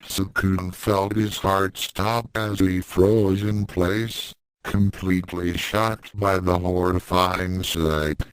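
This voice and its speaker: Deep slow guy reading a story, calm and even, very dry sound. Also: clear, resonant tone, dry recording, low-quality recording. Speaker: fan fiction reader. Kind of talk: story narration.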